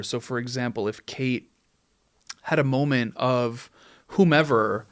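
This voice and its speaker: A man hosting a podcast, speaking in a reflective, affirming, measured way. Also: medium pitch. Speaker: podcast host. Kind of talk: podcast conversation.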